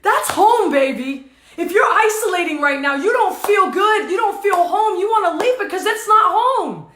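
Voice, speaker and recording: A woman's voice: very high voice, lively intonation, moderate pace, noisy background. A woman speaking emotionally to her viewers as a spiritual teacher, repeating intense affirmations and swearing casually. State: tearful and dizzy at times. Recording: roomy echo.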